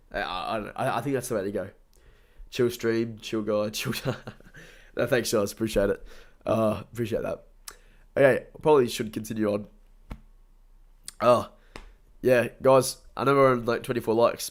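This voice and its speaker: A young Australian man with a stuffy nose, rambling casually on a live stream and thanking his viewers. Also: on the low side. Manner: rambling, chatty, upbeat, thanks viewers often.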